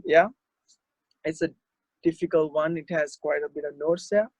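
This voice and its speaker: A man teaching a singing workshop over a video call, explaining in a relaxed, halting way between short sung demonstrations. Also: fairly high pitch, no room sound. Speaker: guest vocal coach.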